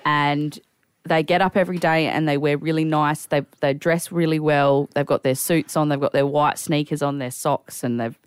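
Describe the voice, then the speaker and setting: A woman's voice: low voice, steady tone, moderate pace, clear, resonant tone, no room sound, clean studio sound. Tearful woman telling a story. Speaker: podcast co-host. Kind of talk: casual chat, storytelling.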